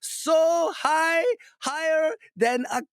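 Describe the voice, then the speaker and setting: A brash salesman with a thick Indian accent rattles off boastful, sing-song sales patter, as a man puts him on. The voice rides very high. It sounds close and dry. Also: very slow, a bit bright, no room sound, full character voice. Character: brash male pitchman with a put-on Indian accent.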